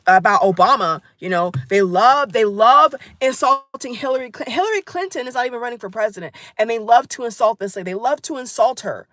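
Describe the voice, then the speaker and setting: An upset woman vents straight to her audience, her pitch swinging widely as she hammers each point home by repeating it. She sits a little high in her register, and the sound is close and dry. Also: a bit bright, dry recording. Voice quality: emphatic, repeats phrases, addresses viewers as guys. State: angry and upset. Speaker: vlogger. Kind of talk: angry political rant to camera.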